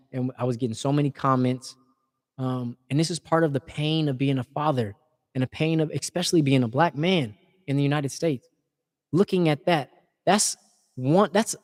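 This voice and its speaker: A man's voice: medium pitch, in a large hall. A man speaking in an impassioned, informal preaching style, earnest and repeating words as he builds his points.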